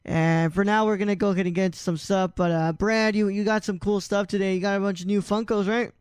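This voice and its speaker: A man's voice: high voice, fairly even intonation, quick pace, clean tone, dry recording. A man hosting a podcast in casual chat, loose and swearing easily, with lots of fillers, on a close mic. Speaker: podcast host.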